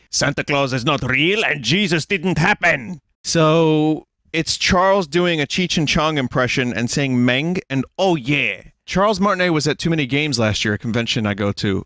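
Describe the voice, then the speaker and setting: A man's voice: medium pitch, fairly bright tone, no echo, clean studio sound. A man streaming a game, giving sarcastic, profane, mock-outraged commentary. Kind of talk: casual gameplay commentary.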